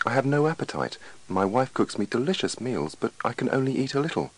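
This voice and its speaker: A man's voice: mid-range voice, big pitch swings, brisk, pitched above the performer's own voice, rough recording. A man voicing an anxious, overworked male patient in a scripted dialogue reading, with a worried, pleading manner.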